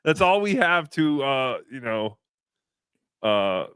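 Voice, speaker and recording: A man's voice: medium pitch, slow, clear, resonant tone, dry recording, studio quality. A man from the United States chatting casually with a wry, mocking edge. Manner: wry, lively, mock accents. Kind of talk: casual chat.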